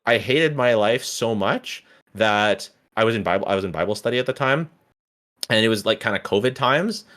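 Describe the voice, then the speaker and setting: A man in his thirties telling a personal story in casual conversation, halting and restarting, sometimes acting out what others said. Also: fairly low pitch, animated, fairly bright tone. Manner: halting, restarts often, acts out quoted people. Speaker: guest.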